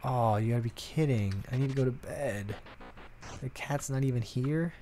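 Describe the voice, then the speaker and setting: A man's voice: mid-range voice, normal speed, dark tone, slight background noise. A man casually commenting while playing a video game, chatting to himself about what happens on screen. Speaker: let's play host.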